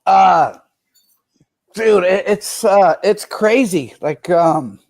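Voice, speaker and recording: A man's voice: sits high, lively intonation, extremely slow, a little mellow. A middle-aged man talking loosely and rambling, telling his recovery story in a casual interview. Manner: loose, rambling, says "dude" a lot. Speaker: guest, professional skateboarder.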